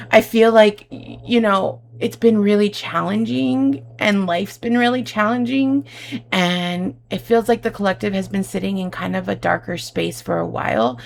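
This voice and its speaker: A woman reads tarot cards for her viewers in an effusive, heartfelt way. Her voice carries a gravelly fry at a middle pitch, and she keeps calling the listener babe and my love. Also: a little hiss or hum. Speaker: tarot reader. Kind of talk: tarot reading addressed to viewers.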